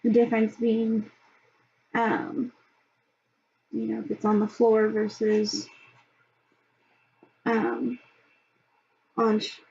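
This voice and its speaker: A woman presenting a reading assessment, talking slowly with many pauses and ums. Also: fairly high pitch, monotone, gravelly, dark tone, husky. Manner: slow, hesitant, many ums. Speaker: student presenter. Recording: dull lo-fi sound, faint background hum.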